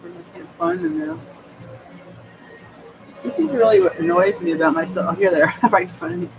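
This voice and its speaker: A very animated man with a high voice speaks at a moderate pace over a noisy background with music. He's a New York State vlogger rambling casually to his camera at home, wandering off topic, restarting many times and laughing often. The audio is from the camera's microphone.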